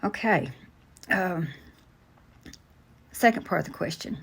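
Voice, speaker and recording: Low-voiced older woman, halting recollection. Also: animated, creaky, breathy edge. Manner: slow, halting, many fillers and restarts. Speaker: interview guest. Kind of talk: personal storytelling, answering questions.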